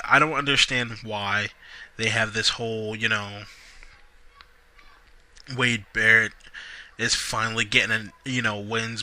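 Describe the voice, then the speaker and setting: A young man reviews a wrestling show in a casual, ranting monologue. His voice is sharp and intense, with a dry, sore edge. He brushes topics off sardonically. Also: fairly low pitch, low-quality recording. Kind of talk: casual solo review vlog.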